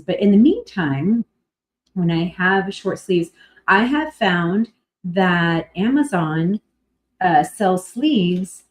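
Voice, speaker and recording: A middle-aged woman from California hosting a casual livestream chat. She rambles through her talk with plenty of fillers and restarts and turns bright and effusive when she greets viewers. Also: mid-range voice. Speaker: livestream host.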